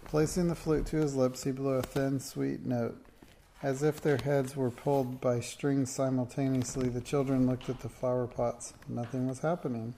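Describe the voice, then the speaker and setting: A male storyteller reading a children's book with steady, expressive pacing. His voice is gravelly, with a dark, mellow tone in a middle pitch. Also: normal speed, a little hiss or hum. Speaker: narrator.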